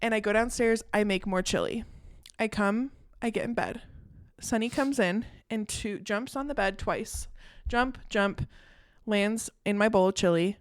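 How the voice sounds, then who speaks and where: Young woman, casual storyteller, mid pitch, dry close sound. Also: a little slow, no echo. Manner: chatty storyteller, animated retelling. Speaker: podcast co-host. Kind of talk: casual chat.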